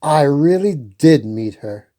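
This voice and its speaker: A woman doing a calm cheerful young prince. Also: low voice, slow. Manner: calm, easygoing.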